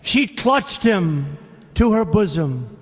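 This political speaker's voice sits high and sounds slightly rough, very animated yet unhurried. Reading a poem during his rally speech, he repeats phrases emphatically and questions the crowd, his words echoing with the long reverb of a large hall.

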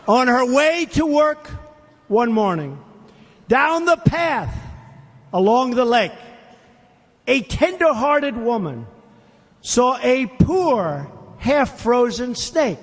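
A man's voice: very high-pitched, sing-song, slow pace, pauses often. A man giving a rally speech, reading a poem aloud with emphatic, repeated phrases and questions to the crowd. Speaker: political speaker. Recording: long reverb of big hall.

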